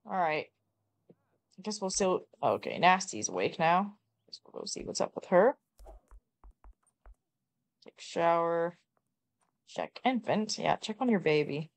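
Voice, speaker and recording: A woman's voice: lowish voice, very animated, unhurried, gravelly, pauses often. Playful, teasing woman gamer. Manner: playful, teasing, swears freely. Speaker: gameplay vlogger. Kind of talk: casual gameplay commentary.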